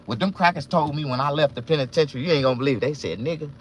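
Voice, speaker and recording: A man vlogging from a car, ranting casually and profanely, swinging between loud outbursts and low muttering. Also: racing, slight background noise. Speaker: vlogger and barber. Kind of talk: casual live-stream rant.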